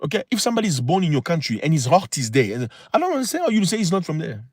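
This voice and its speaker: A man's voice: a little high, huge pitch swings, rapid-fire, breathy edge, no room sound. A man hosting a livestream, talking in an impassioned, preachy way with many rhetorical questions. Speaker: channel host. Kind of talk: livestream talk.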